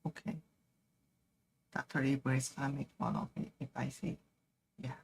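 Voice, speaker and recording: A woman joining a livestream as a guest, soft-spoken and giving short casual replies. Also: rumbling low, level tone, normal speed, slight background noise. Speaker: guest on a stream. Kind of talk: casual chat.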